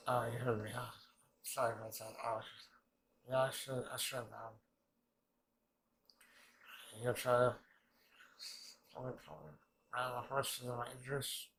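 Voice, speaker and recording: A man hosting an anime reaction video, talking in a rambling, halting way and swearing often. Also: medium pitch, gravelly, pushed and bright. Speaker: anime reaction channel host. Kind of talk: casual reaction commentary.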